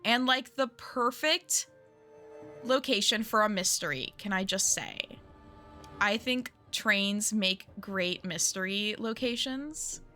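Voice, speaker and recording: A woman's voice: mid-range voice, slow, sharp tone, faint music behind. A young woman streaming from home, chatting casually with viewers in a giggly, rambling way. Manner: chatty and giggly, lots of likes and you knows. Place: at home, indoors.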